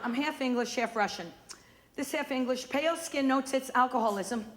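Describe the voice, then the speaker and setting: A woman comedian doing brash, rapid-fire stand-up on a comedy club stage. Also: high-pitched, background noise. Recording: live club recording, loud audience laughter.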